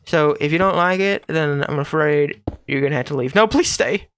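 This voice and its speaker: A man's voice: fairly high pitch, moderate pace, fairly bright tone, slight background noise. A man hosting his own gaming channel, giving casual, rambling, jokey commentary to himself while he builds in a game.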